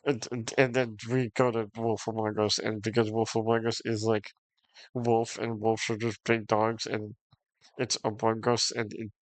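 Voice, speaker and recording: A man's voice: fairly low pitch, little pitch movement, moderate pace, no echo. A man streaming games, ranting casually to his chat, swearing often, frustrated, and breaking into short laughs. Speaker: game streamer.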